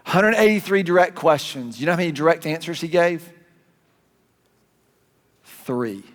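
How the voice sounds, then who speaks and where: Southern male pastor, slightly high voice, chatty animated preaching, church hall reverb. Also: brisk. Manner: conversational, animated storytelling with self-corrections. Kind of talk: sermon.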